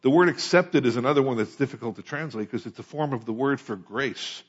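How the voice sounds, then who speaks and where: A man's voice: medium pitch, brisk, breathy edge, dull audio. A man from the United States preaching a sermon as pastor, conversational and often asking his listeners questions. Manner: conversational, asks the congregation questions.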